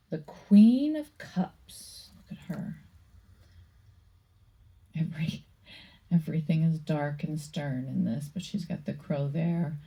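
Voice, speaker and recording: A woman giving a casual tarot card reading, musing aloud slowly with many pauses and reading card meanings from a book. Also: deep voice, warm tone, breathy edge, poor audio. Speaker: tarot reader.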